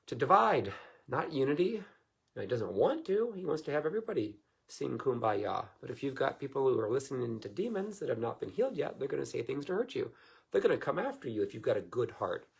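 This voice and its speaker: A man's voice: fairly low pitch, creaky, husky. A man preaching informally to viewers, rambling in a folksy way and chuckling often. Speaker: Christian minister.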